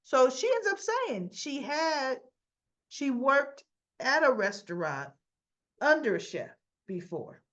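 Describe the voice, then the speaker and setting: Woman, higher voice, chatty soap recap, restarts and asides, dull lo-fi audio. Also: big pitch swings, takes it slowly, a bit bright. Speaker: soap opera recap host. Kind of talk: casual episode recap.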